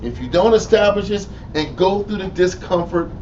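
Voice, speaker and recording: A man with a Texas accent, teaching the Bible informally in an animated, profane way and mimicking people. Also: high voice, normal speed. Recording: lo-fi room recording from a distance with faint noise.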